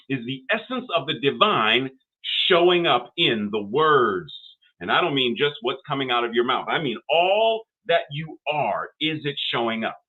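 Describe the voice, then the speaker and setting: Older man preaching over a tinny line. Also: medium pitch. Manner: rhythmic, repetitive preaching with rising emphasis. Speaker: minister. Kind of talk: sermon. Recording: phone-like narrow band audio.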